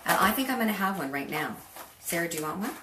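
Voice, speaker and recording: A woman hosts a live cooking stream from her home kitchen, chatting casually, rambling, and laughing often. Her lowish voice is animated and quick. The recording is roomy and noisy, with the mic placed far off.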